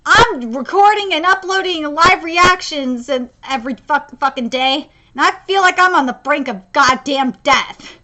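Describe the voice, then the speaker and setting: High bright-voiced woman, rambling. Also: animated, normal speed, hardly any pauses, highs cut off. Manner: rambling, stammering, self-interrupting; emotional, swears freely. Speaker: manga reaction streamer. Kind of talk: casual live reaction.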